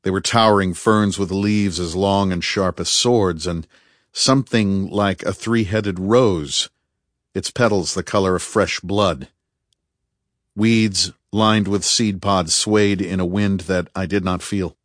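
A man reading a first-person story aloud in a measured, tense storytelling manner, close to the microphone. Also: deep voice, steady tone, no echo. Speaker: audiobook narrator. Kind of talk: first-person fiction narration.

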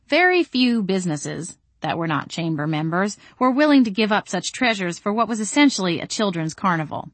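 A woman reads a first-person audiobook with dry wit, her voice a little lower than most. The sound is close and dead, with no room around it. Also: normal speed, hardly any pauses, no echo. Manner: wry, deadpan delivery. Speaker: audiobook narrator.

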